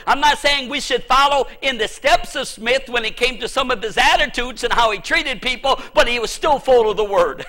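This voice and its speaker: High, bright-voiced middle-aged preacher. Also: male voice, normal speed. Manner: emphatic, with sudden shouted bursts. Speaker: pastor. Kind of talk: sermon. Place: church.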